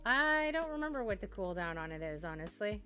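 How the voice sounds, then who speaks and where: Bright-voiced chatty woman streamer. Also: mid-range voice, very animated, brisk, faint music behind. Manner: chatty, laughs often, many filler "like"s. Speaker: live streamer. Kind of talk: casual chat with viewers. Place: home streaming setup.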